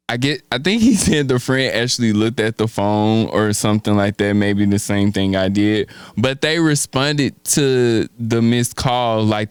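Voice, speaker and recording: A man's voice: lowish voice, smooth, no room sound. A man co-hosting a podcast, telling a story in casual chat and acting out the quoted dialogue. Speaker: podcast co-host.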